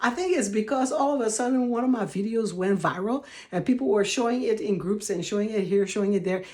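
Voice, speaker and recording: A woman's voice: on the high side, a little fast, hardly any pauses. A woman in her sixties with a Liberian English accent, telling stories to camera from her home office and laughing often. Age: 60s. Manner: laughs often, warm and expressive. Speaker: vlogger. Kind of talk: casual storytelling to camera.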